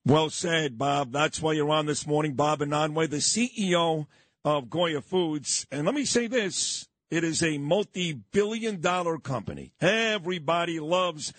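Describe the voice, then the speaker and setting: A man's voice: on the high side, lively intonation, unhurried, a bit bright, dry recording. A middle-aged man hosting a talk radio show, interviewing a guest in an emphatic, brash way.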